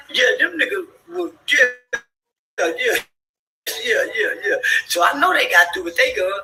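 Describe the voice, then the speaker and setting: A man telling a story in an animated, boisterous way, cursing freely and laughing often, with bursts of shouting. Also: high voice, roomy sound, slight background noise, poor audio. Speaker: podcast guest.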